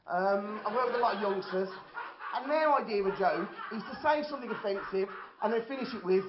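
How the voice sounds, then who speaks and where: A man's voice: high-pitched, lively intonation, a little fast, background noise. A man, telling a dry, self-deprecating stand-up comedy set in an indoor hall. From Birmingham, England. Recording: roomy, dull lo-fi hall recording.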